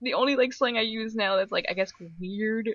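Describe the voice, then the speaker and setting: A young woman co-hosting a casual podcast chat, talking fast with lots of "like" and frequent laughs. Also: fairly high pitch, fairly bright tone, dry recording, dull audio. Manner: chatty, laughs often, lots of "like". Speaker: podcast co-host.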